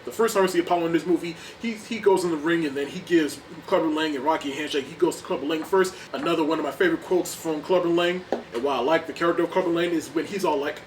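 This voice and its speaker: A man's voice: fairly high pitch, fast talker, few pauses. A young man casually reviewing a movie in an enthusiastic, rambling way, often repeating himself. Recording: distant mic, faint background noise.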